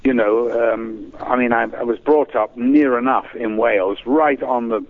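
A man's voice: medium pitch, steady tone, a little slow. A man from England, a guest chatting in a radio interview, rambling and hesitant as he tells stories. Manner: rambling, hesitant, warm storyteller. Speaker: guest performer. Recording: tinny phone line.

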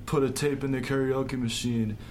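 A man talking as a rapper guest, relaxed and reminiscing. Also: mid-range voice, normal speed, slight background noise. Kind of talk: casual storytelling.

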